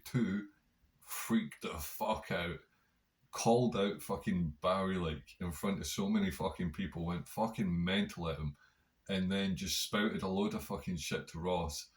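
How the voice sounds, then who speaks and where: A man hosting a podcast, telling a rambling story in a casual monologue, swearing constantly. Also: sits low. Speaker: podcast host.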